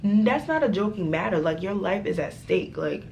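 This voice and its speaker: A young woman vlogger telling a storytime tale in a dramatic, profane, animated way. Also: mid-range voice, normal speed, creaky, slight background noise. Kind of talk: storytime vlog.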